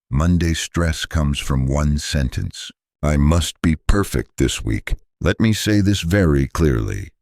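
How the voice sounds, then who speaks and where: A man gently narrating a slow graded-reader English lesson, calm and deliberate, pausing for repeat-after-me drills. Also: very deep voice, gravelly, no room sound, clean studio sound. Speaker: English teacher.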